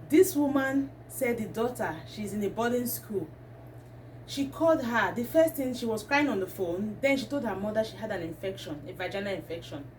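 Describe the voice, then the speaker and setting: A woman's voice: medium pitch, a little mellow. A woman, talking to camera as a vlogger and ranting with indignation. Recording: distant mic, faint background noise.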